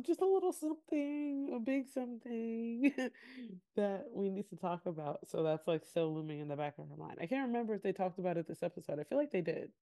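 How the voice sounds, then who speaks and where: A woman co-hosts a casual recap podcast, telling the story with lots of laughter and playful quoted voices. Her voice sits fairly low and sounds mellow and relaxed. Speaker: podcast co-host.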